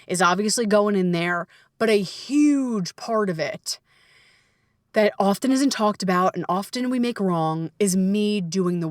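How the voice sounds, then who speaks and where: A woman coach hosting a casual solo podcast, talking in a lively, playful way with frequent swearing and laughs. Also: medium pitch, no echo, clean studio sound.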